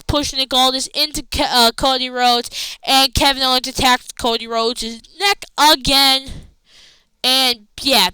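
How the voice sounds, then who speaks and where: Bright, excitable high-voiced woman. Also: no room sound, rough recording. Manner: excitable, rambling with fillers and restarts, quoting wrestlers with raised voice. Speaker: wrestling show reviewer. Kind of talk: casual recap chat.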